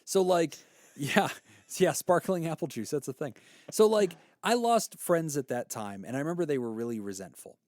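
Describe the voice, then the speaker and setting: A man's voice: a little high, normal speed, dry recording, clean studio sound. A man in his thirties, a podcast co-host, telling a personal story in casual chat and acting out the voices he quotes. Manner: animated storyteller, acts out quoted voices, laughs easily.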